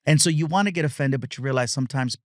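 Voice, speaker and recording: A middle-aged man, a comedian guest on a podcast, telling stories in relaxed chat and slipping into voices of the people he describes. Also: medium pitch, very fast, dry recording, clean studio sound. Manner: storytelling, many fillers and restarts, mimics other people. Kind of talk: casual interview chat.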